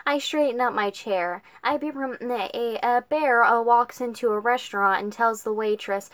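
A woman reading a middle-grade novel aloud, halting often, with many fillers and restarts. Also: fairly high pitch, a bit bright, no echo. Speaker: reader.

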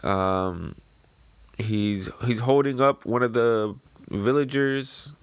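A man casually reviewing a manga chapter, rambling in a relaxed way. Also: mid-range voice, takes it slowly, clear, resonant tone, dry recording. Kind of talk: casual chat.

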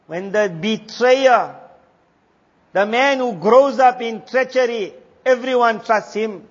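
A man's voice: extremely high pitch, takes it slowly. A man giving an Islamic sermon, asking rhetorical questions and answering them himself. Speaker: Islamic teacher. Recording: reverberant lo-fi hall recording.

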